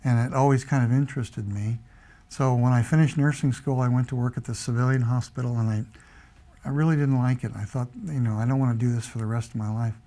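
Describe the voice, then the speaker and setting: A man's voice: medium pitch, quick pace. An older American man, a retired Air Force veteran, telling his stories in an oral history interview and acting out the dialogue he quotes. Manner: relaxed anecdotal storytelling, acts out quoted dialogue.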